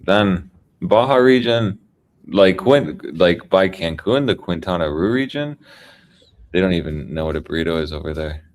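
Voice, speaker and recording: A man chatting casually, relaxed and agreeable, with lots of fillers. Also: sits low, normal speed. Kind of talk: casual banter.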